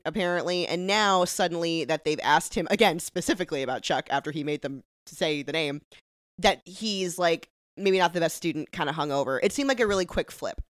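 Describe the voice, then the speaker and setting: A woman's voice: lowish voice, fairly quick, fairly bright tone, no room sound, clean studio sound. A woman co-hosting a podcast, chatting casually and playfully as she recaps a TV episode, acting out bits of dialogue. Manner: playful, jokey, acts out lines in quotes. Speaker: podcast co-host.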